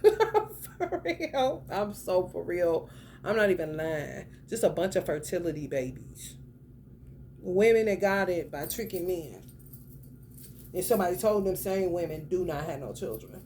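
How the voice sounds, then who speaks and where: A woman's voice: on the low side, lively intonation, moderate pace, slight background noise. Blunt, foul-mouthed woman tarot reader. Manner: blunt, profane, slangy, swings between loud and muttered. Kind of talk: casual spoken tarot reading.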